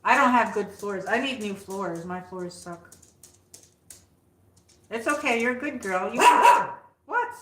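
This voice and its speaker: A woman's voice: medium pitch, big pitch swings, takes it slowly, long pauses, reverberant, noisy background. A woman hosting a casual livestream from her home, chatting with viewers and coaxing her dog. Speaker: livestream host. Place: room at home.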